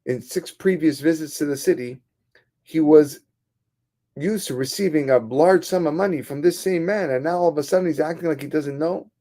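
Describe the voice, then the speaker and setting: Animated rabbi telling a sermon story. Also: male voice, a little high, normal speed.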